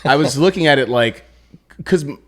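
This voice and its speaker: A man's voice: medium pitch, moderate pace. A man hosting a podcast, telling family stories in casual chat, swearing freely and acting out what people said. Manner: swearing, animated storytelling. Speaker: podcast host.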